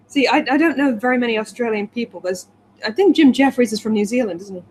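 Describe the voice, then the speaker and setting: A woman's voice: fairly high pitch, fairly quick, a little hiss or hum. A tipsy woman co-hosting a casual chat, reading a plot summary aloud and breaking off with giggly, wry asides. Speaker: co-host.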